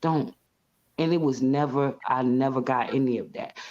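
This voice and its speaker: Brief: low-pitched woman guest, lively storyteller, slightly muffled recording. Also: moderate pace. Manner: animated, expressive, acts out scenes. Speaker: interview guest. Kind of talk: casual interview storytelling.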